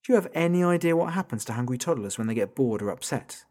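A man's voice: expressive, quick pace, warm tone. Tense man narrating a thriller. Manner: tense and rising, pitch jumping up in panic on questions. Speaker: narrator, father of small children. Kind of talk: first-person audiobook narration.

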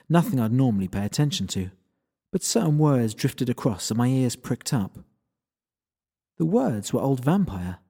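Male narrator, mid-pitched, dry wry first-person storytelling. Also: mellow, slightly rough. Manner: wry, dry, laid-back.

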